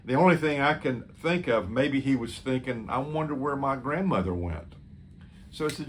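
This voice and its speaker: A man's voice: mid-range voice, lively intonation, normal speed, a little hiss or hum. A man speaking as a pastor, earnestly telling a story in a sermon and quoting what he said to someone. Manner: earnest, quoting his own words to others.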